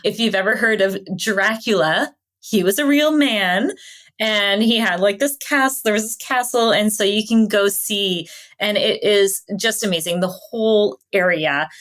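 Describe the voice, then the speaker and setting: A woman from Canada, a podcast guest, telling travel stories in an animated, chatty way and often laughing. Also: medium pitch. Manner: animated storyteller, laughs often, acts out quotes. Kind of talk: casual interview storytelling.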